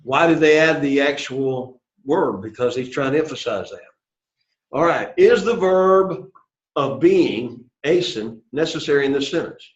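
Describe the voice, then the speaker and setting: A man's voice: fairly high pitch, unhurried. Encouraging man teaching a class. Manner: encouraging, repeats praise. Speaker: Greek teacher. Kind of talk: classroom lesson. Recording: echoey room, dull lo-fi sound.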